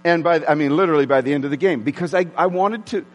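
A man preaching a sermon to his congregation, excitable and prone to yelling. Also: on the high side, quick pace, faint music behind. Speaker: pastor. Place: church sanctuary with congregation. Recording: long hall reverb.

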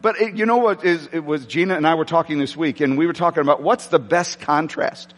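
A pastor preaches a passionate sermon in a church sanctuary, turning dramatic whenever he reads from scripture. His voice is a little high and a bit bright, his pace brisk, and the recording has a big-room sound.

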